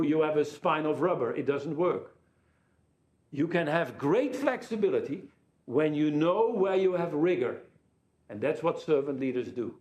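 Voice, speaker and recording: A man's voice: a little high, a little mellow, reverberant. Jet-lagged man giving a joking keynote. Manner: anecdotal, joking storyteller. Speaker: keynote speaker. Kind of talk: conference keynote talk. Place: telepresence link to a conference hall.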